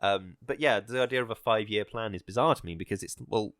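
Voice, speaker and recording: Speaking quickly in a lowish, fairly bright voice, another male podcast co-host rambles through casual chat, hesitant and full of fillers. The sound is clean studio audio with no echo.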